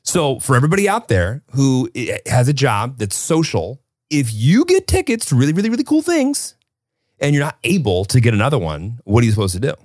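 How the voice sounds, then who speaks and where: A man's voice: medium pitch, sing-song, a little fast, a little mellow, dry recording, studio quality. A man in his thirties co-hosting a podcast, chatting casually with playful, self-deprecating banter. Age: 30s. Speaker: podcast co-host. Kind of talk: casual chat.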